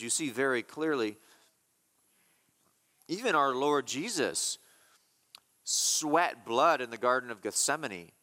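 A man delivers an expository sermon, slowing down to stress repeated words. His voice is bright and forceful at a middle pitch. It rings with the long reverb of a church hall. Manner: emphatic, repeats key phrases slowly. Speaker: pastor.

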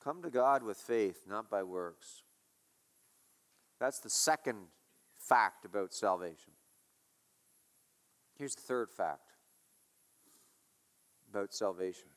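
A man's voice: on the low side, slow pace, pauses often, a bit bright. A male pastor preaching a sermon, emphatic and repetitive, asking his listeners rhetorical questions.

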